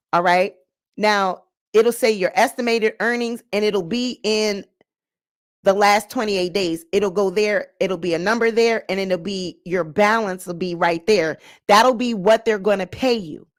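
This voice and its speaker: A woman's voice: medium pitch, measured pace, dry recording. A woman YouTuber ranting straight to camera, sassy and confrontational, walking viewers through her points and checking in with "okay?". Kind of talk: direct-to-camera rant and explainer.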